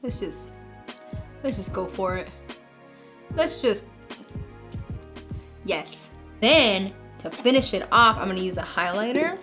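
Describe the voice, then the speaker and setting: A young woman chatting casually through a makeup tutorial, bubbly and jokey, gasping with excitement over her products. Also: medium pitch, slow pace, pauses often, music in the background. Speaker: makeup vlogger.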